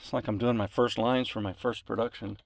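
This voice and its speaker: A man's voice: on the low side, fairly even intonation, fairly quick, gravelly, no room sound, clean studio sound. A man recording voice lines in a home closet, out of breath and rambling in self-mocking asides between takes. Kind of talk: casual outtakes chatter.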